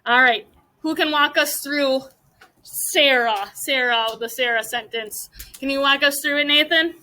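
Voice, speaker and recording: A young woman teacher with a high, bright voice runs a classroom mini lesson. She guides students patiently, step by step, calling on them with questions. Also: unhurried, poor audio.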